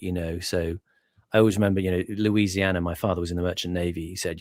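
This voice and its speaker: Brief: deep, measured man sharing anecdotes in relaxed chat. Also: dry recording, clean studio sound. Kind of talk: casual chat.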